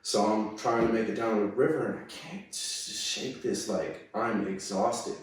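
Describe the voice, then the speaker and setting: A man's voice: fairly low pitch, unhurried. Laid-back slangy man, echoey and distant. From California. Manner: laid-back slangy talk full of "dude", "like" and "right?". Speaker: guest. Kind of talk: casual storytelling in a conversation. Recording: very echoey, mic far away.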